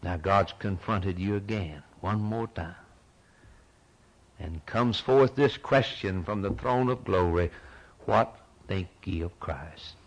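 A man preaching a sermon with dramatic delivery, swinging between loud outbursts and hushed tones and repeating phrases for emphasis. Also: sits low, slow pace, rough recording.

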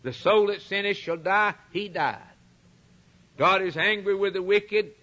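Man preaching hard, kinda high voice, repeats lines for punch. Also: measured pace, bright, forceful tone. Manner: dramatic retelling, emphatic repetition. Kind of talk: sermon.

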